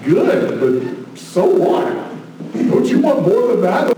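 A man preaching a sermon, passionate, moving between hushed asides and loud exclamations. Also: high-pitched, sing-song, a little slow, a little hiss or hum. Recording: very echoey room, mic at a distance.

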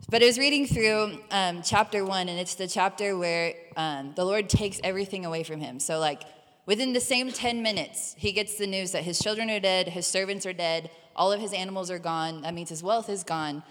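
A woman missionary tells the congregation about her own struggles in a candid, animated way, with playful asides. Her voice sits low for a woman. It carries with a long, ringing church-hall reverb. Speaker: missionary sharing a testimony. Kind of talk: personal testimony in a church service. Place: church sanctuary.

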